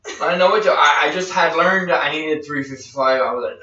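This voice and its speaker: A man tells a long personal story, stumbling over restarts and acting out what others said. His voice is bright and carries. It comes from a distance in a very echoey room through a dull, lo-fi mic. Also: a little high, brisk. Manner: rambling anecdote with quoted dialogue and restarts. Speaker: podcast host. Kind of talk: casual storytelling chat.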